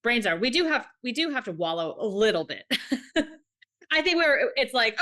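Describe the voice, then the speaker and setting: A woman co-hosting a podcast in casual chat, animated and acting out little quoted voices as she tells stories. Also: a little high, normal speed. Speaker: podcast co-host.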